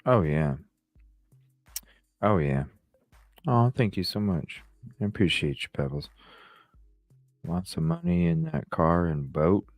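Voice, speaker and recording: Tired, very deep-voiced man chatting. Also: sing-song, slow pace, gravelly, pauses often, no echo, soft background music. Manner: casual, swears freely, reads and answers chat. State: tired and yawning. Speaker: podcast host. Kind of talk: late-night livestream chat with viewers.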